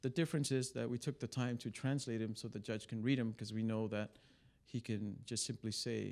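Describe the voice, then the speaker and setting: A man's voice: lowish voice, flat delivery, fairly quick, creaky, hardly any pauses, darkish tone. A man who is an immigration attorney, briefing reporters in a conversational storytelling way, full of fillers and restarts. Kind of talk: press briefing talk. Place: press club briefing room.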